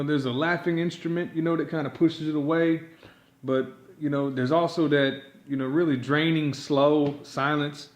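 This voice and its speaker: Male vocal teacher, improvised and rambling, a touch high, recorded in a roomy space. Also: a little hiss or hum. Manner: rambling, packed with "you know" fillers. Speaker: yodeling teacher.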